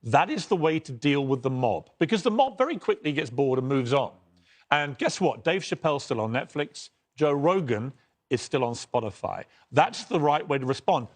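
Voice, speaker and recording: A man with a British accent, an excitable panel guest who talks over others with strong opinions. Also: a little high, normal speed.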